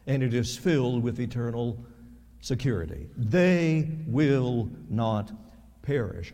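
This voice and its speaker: Mellow-voiced preacher in a reverberant hall. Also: male voice. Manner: emphatic preaching with sharp swings in loudness and pitch, repeating words for stress. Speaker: pastor. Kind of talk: sermon. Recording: long reverb of a large hall.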